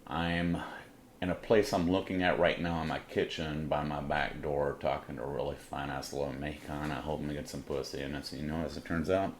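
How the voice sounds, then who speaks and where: A man's voice: very deep voice, flat delivery, brisk, a little hiss or hum. A middle-aged man telling a personal story on his podcast in a blunt, swaggering way, swearing freely. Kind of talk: casual profane storytelling.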